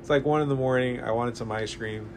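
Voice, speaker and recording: A man hosting a casual, profane chat and telling animated stories, slipping into voices of the clerks he imitates. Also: medium pitch, fast, slight background noise. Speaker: podcast host. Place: shop.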